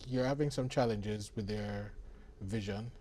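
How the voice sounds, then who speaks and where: A man interviewing a guest, asking his questions slowly and softly. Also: fairly low pitch, dry recording.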